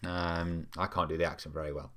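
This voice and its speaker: A man's voice: sits low, little pitch movement, brisk, fairly bright tone. A young man, hosting a football fan live stream in a casual, rambling way, reading out viewer comments with lots of ums. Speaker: fan channel host.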